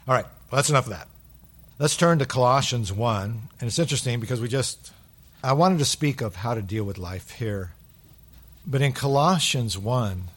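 Middle-aged male pastor, sermon delivery, emphatic peaks and soft low asides. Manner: swings from loud emphatic bursts to hushed low asides.

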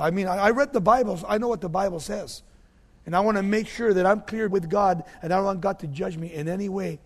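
Emphatic preacher with a high voice. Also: male voice, big-room sound. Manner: emphatic, repeats key phrases, drops to low quiet tones. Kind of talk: sermon.

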